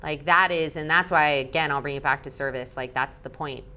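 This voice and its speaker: A deep-voiced woman in her thirties speaks as an interview guest, bubbly and quick to act out what others said. Her talk is loose and full of "like." A faint low rumble sits under the recording. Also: pushed and bright. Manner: bubbly, heavy use of "like", acts out quotes.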